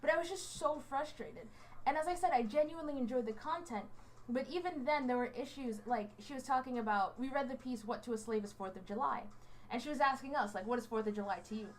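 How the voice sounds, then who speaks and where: A young American woman in her twenties talks straight to her viewers in a loose, meandering way. Her voice sits a little high, and she keeps stopping to restart her thoughts with fillers. She sounds fidgety as she goes. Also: brisk, a little hiss or hum. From United States. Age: 20s. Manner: rambling storyteller, many fillers and restarts. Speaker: college student vlogger. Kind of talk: casual chat. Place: indoors under a hot light.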